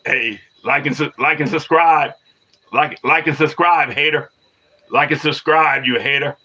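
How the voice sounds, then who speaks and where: Bright-voiced man in his fifties, live-streaming. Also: on the high side, fairly even intonation, a little slow, muffled recording. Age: 50s. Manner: repetitive, restarts phrases, argues back at commenters. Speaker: livestreamer. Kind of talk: casual live-stream chat with viewers.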